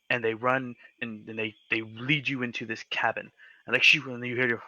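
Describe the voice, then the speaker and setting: A man's voice: mid-range voice, little pitch movement, brisk, bright, forceful tone, no room sound, highs cut off. A man narrating as game master in a casual, loose way.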